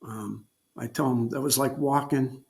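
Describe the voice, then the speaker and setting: A man recounting a personal ordeal as an interview guest, speaking haltingly with frequent pauses and filler words. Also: mid-range voice, steady tone, gravelly, darkish tone. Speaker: guest telling his survival story. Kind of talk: unscripted personal storytelling.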